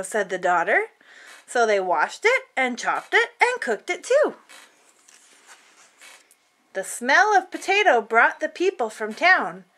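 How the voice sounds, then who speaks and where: A woman reading a picture book aloud to children in an expressive, playful storytelling manner. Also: high-pitched, slow pace, pauses often.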